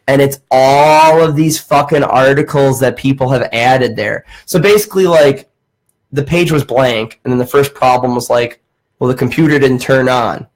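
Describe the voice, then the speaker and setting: A man's voice: medium pitch, normal speed, low-quality recording. A young man hosting a casual podcast, telling a story and acting out the voices of the people in it, swearing freely. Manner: animated, acts out quoted voices, swears casually. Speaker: podcast host.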